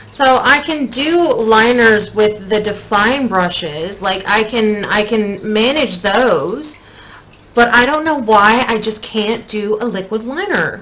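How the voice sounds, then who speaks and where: This beauty vlogger is a young woman chatting at home as she applies makeup, musing aloud and mocking herself with mounting frustration. Her mid-range voice sounds a bit bright, and the poor audio carries some hiss or hum.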